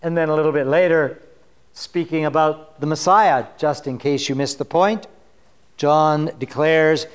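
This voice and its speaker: A man's voice: on the high side, fairly even intonation, measured pace, clean tone. A man preaching a sermon, conversational and wry, reading scripture passages with rising force. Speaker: pastor.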